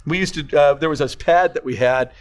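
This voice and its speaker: An older man, a grandfather, spins stories with a bit of a higher voice for a man and plenty of animation. He laughs often and keeps the chat casual and lively as he co-hosts. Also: a little fast. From California. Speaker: podcast co-host.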